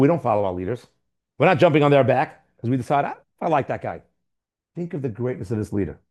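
A rapid-fire man lecturing a Torah class with a mid-range voice. He hammers points with rhetorical questions and repeated words. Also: medium pitch, a little mellow. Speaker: teacher.

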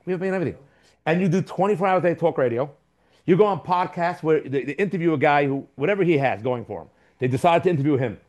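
A man's voice: fairly high pitch, a little mellow. A man teaching a Torah class to young listeners, emphatic and full of rhetorical questions, repeating key words for stress.

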